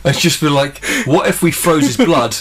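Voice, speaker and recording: A man's voice: on the high side, moderate pace, fairly bright tone. A man co-hosting a podcast, chatting casually and rambling through sweary comic tangents. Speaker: podcast co-host. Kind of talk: casual comedic chat.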